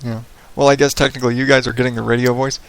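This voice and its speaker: A man talks on his own podcast in an easygoing, rambling way, swearing now and then, with a practiced radio-style delivery. His voice sits at an ordinary pitch and has a gravelly edge. He speaks into a headset mic in a small home office with hardwood floors that echoes. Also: little pitch movement, racing. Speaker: podcast host. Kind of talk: casual solo podcast monologue. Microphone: headset microphone.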